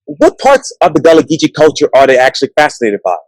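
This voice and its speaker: A man's voice: a little high, sing-song, fast talker, low-quality recording. A man hosting an interview, asking short questions and giving brief reactions. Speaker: interviewer host.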